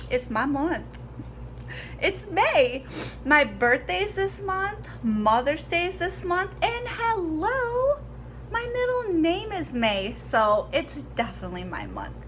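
A woman's voice: high voice, sing-song, slow, a bit bright, a little hiss or hum. A woman in her forties chatting to her viewers in a bubbly, giggly vlog style. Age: 40s. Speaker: vlogger. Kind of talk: casual vlog chat to viewers.

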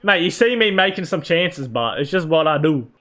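A young man with a fairly high voice talks through his football video game as he plays. He is excitable, swears freely and yells at his own team when it goes wrong. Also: moderate pace. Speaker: gaming YouTuber. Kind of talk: live gameplay commentary.

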